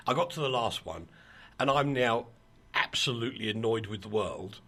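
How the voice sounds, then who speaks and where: A male radio host who swings his voice up and down as he tells stories. His tone is bright and husky, and his delivery is animated. He acts out the voices of the people he quotes. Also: mid-range voice, moderate pace. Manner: animated, laughing storyteller with mock quotes. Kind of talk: casual chat, storytelling.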